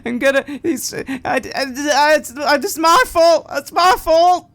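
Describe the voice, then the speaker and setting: A woman's voice: high-pitched, slow pace, fairly bright tone, pitched above the performer's own voice, heavily acted. Woman voicing a sobbing, stammering guilt-ridden man. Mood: sobbing panic. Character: frightened young man, guilt-ridden and desperate.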